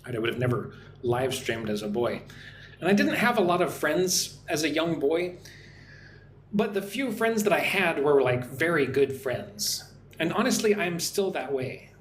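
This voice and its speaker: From his home in Vietnam, a man teaches English on a livestream, chatting with viewers in a friendly way and slowly, carefully modelling pronunciation while often asking "right?". His voice is a little high with lively intonation. The room is echoey, with faint ambience and slight background noise.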